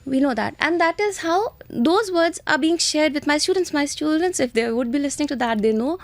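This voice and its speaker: Woman, Indian accent, high voice, earnest trainer, emphatic, dry sound. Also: animated, fairly quick, no echo. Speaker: IELTS trainer, interview guest. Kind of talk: earnest conversational advice.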